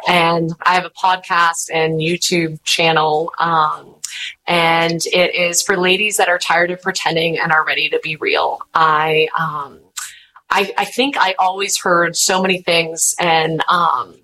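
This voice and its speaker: A chatty woman, talking casually in an interview. Her voice is bright and clear, and she tells animated stories, jumping into quoted voices. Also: lowish voice, measured pace, rough recording. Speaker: podcast host and guest.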